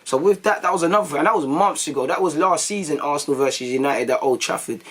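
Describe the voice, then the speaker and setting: A young man, a vlogger telling stories to his viewers in a casual, animated way, full of slang and acted-out quotes. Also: a little high, fast talker, husky. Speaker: YouTube vlogger.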